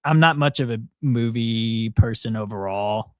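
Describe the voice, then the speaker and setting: A young man co-hosting a show, talking in a relaxed, rambling way and laughing easily. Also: medium pitch, a little slow, clean tone, dry recording, clean studio sound. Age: young adult. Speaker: co-host. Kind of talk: casual chat.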